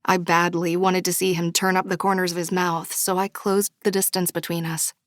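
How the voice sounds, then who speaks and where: A woman narrating a romance audiobook in first person, bubbly and expressive. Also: lowish voice, normal speed, no echo, clean studio sound. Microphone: studio microphone.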